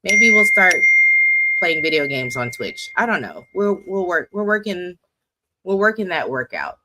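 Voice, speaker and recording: On a poetry slam's monthly livestream, the forty-year-old host chats, rambles and jokes self-mockingly. The voice is mid-range and sing-song, a little slow, with heavy background noise.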